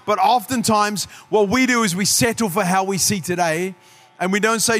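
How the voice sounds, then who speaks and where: A man preaching a sermon with a strikingly high voice that stays bright and forceful. He builds to shouted peaks and drops into quick acted asides. Faint music plays softly behind him. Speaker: pastor.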